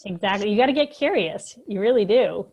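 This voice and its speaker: A woman's voice: medium pitch, expressive, a little fast, darkish tone, lo-fi sound. A woman on a podcast as a guest, talking in a casual, reflective and agreeable way. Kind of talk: casual conversation.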